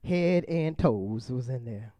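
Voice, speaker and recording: A man's voice: medium pitch, animated, takes it slowly, mellow, dry recording. A man doing stand-up comedy and playful crowd work for a seniors group, chatting with the audience and laughing often.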